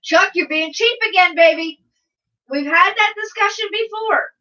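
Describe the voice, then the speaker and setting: A woman's voice: very high voice, moderate pace, sharp tone. A woman hosting a casual livestream, chatty and laughing often as she reads viewers' comments aloud. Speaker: livestream host reading chat. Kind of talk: casual chat. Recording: dull sound from a distance.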